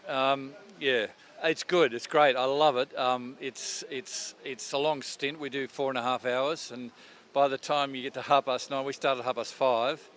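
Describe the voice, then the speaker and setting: A man's voice: medium pitch, fairly even intonation, normal speed, fairly bright tone. Rambling older Australian man at the track. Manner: rambling, chatty storyteller with many restarts. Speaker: radio presenter. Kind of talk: casual interview chat. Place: outdoors at a racetrack.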